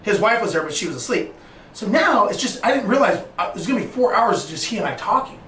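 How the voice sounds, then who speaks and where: A man guesting on a podcast, telling lively stories and acting out the dialogue. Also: high-pitched, fast talker. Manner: animated storyteller, acts out quoted dialogue. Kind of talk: storytelling in a podcast interview. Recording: roomy, distant mic, faint noise.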